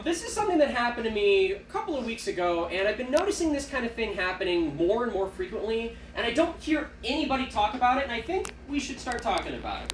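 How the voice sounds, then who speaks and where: A man's voice: sits high, echoey room, far from the mic, a little hiss or hum, poor audio. A young man performing a self-deprecating stand-up comedy set on a small theater stage. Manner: animated, self-deprecating storytelling.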